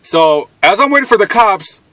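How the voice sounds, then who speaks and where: Animated, bright-voiced man telling a story. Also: high-pitched, normal speed. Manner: animated, blunt, laughs while telling. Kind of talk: casual profane storytelling to camera.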